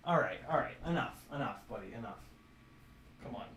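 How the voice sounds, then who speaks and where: A man's voice: mid-range voice, expressive, fairly quick, background noise. Laid-back swearing man on a live stream. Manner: laughing, swearing, scolding his cat. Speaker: drone streamer. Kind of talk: casual live Q&A chat. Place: home room with glass doors.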